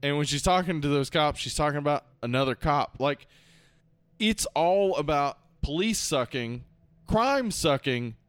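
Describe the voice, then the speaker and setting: A man's voice: on the high side, lively intonation, unhurried, smooth, no echo. A man co-hosting a podcast, talking through a film in a casual, rambling way with many fillers and restarts. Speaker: podcast co-host. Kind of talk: casual movie discussion.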